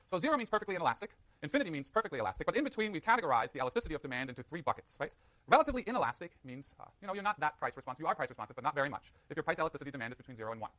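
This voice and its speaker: Fast, animated male economics lecturer. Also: on the high side, no echo. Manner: energetic, joking with students. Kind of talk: university lecture. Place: lecture hall.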